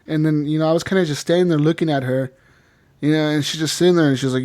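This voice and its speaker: A man's voice: a little high, fast. A man co-hosting a podcast, recapping a game in casual chat, laughing often and acting out characters as he tells it. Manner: animated storytelling, acts out characters, swears often. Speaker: podcast co-host.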